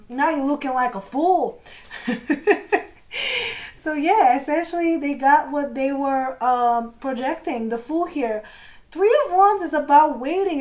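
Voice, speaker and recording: A woman's voice: high-pitched, a little mellow. A woman giving a casual pick-a-card tarot reading, chatty and sarcastic, laughing often and putting on playful quoted voices. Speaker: tarot reader.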